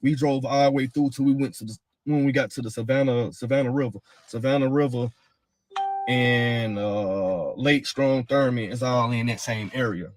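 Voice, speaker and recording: A medium-pitched man speaking at normal speed gives his own first-person account as the father of a missing woman's child. He's blunt and heated, swearing and repeating himself in a casual way.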